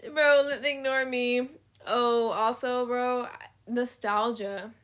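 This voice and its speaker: Fairly bright and a little high, the voice belongs to a nineteen-year-old woman running a laid-back solo podcast. She wanders from thought to thought with heavy fillers, curses freely, chuckles at her own remarks and says she has a slight lisp.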